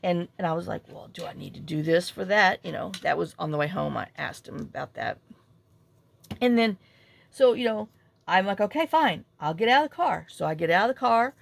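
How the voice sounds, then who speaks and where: A woman's voice: fairly low pitch, brisk, creaky. A middle-aged woman, rambling and self-deprecating as she tells a story while crafting at home. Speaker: crafting vlogger.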